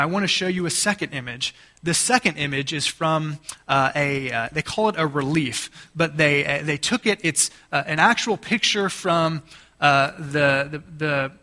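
A man's voice: on the high side, sharp tone. A man preaching a sermon to a congregation, explaining scripture and using plain everyday examples as a parent. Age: adult parent. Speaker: pastor.

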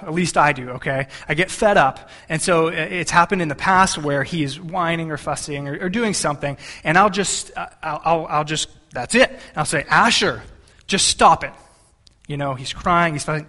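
A man's voice: fairly high pitch, bright, forceful tone. A man in his thirties, a pastor delivering a sermon in an earnest, conversational way with frequent restarts.

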